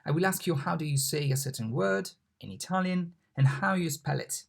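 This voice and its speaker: With a mid-range, gravelly voice, this teacher stays animated while patiently working through an online Italian lesson, sounding letters out slowly and repeating words.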